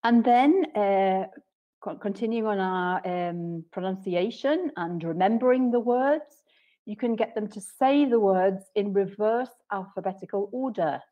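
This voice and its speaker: A woman training English teachers in an online session, explaining patiently and clearly with frequent "okay"s. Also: mid-range voice, measured pace, lo-fi sound. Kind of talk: webinar teaching talk.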